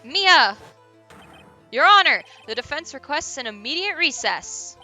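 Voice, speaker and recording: A woman voicing an earnest young male defense lawyer, reading game lines aloud with loud, emphatic objections. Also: sits high, big pitch swings, unhurried, soft background music, pitched above the performer's own voice, heavily acted. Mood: shouting.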